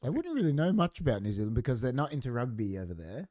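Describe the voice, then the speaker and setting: A man's voice: medium pitch, big pitch swings, fast, warm tone, no echo, studio quality. An Australian man co-hosting a podcast, chatting casually in a rambling, laid-back way. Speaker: podcast co-host. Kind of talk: casual chat.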